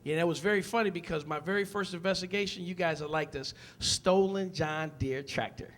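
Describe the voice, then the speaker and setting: Guy from detroit doing stand-up, high bright voice, punchy and loud, acts out bits. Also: a little fast. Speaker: stand-up comedian. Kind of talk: stand-up comedy set. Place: comedy club stage.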